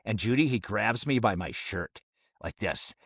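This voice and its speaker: A man's voice: fairly low pitch, animated, measured pace, a bit bright, husky, dry recording, clean studio sound. A middle-aged man co-hosting a podcast, telling a story casually and acting out the quoted voices. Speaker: podcast co-host.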